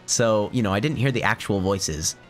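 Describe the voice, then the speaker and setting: A hoarse man from Finland giving chatty, rambling gameplay commentary and laughing often. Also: on the low side, normal speed, soft background music. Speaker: let's play host.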